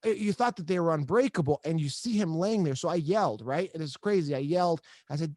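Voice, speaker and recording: A male podcast host telling a personal story in a halting, emphatic way, often repeating himself. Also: on the high side, a little mellow, no room sound. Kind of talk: emotional interview storytelling.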